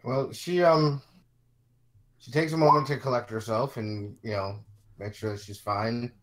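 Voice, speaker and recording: A man playing a tabletop game who calmly narrates what his character does in third person. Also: mid-range voice, unhurried, poor audio. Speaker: player. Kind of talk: tabletop role-play.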